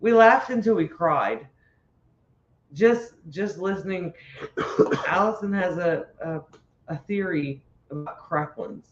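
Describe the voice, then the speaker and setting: Easygoing, slightly high-voiced man. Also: takes it slowly, pauses often. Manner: easygoing, laughs often. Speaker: livestream co-host. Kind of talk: casual livestream chat. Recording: roomy, dull home audio with faint noise.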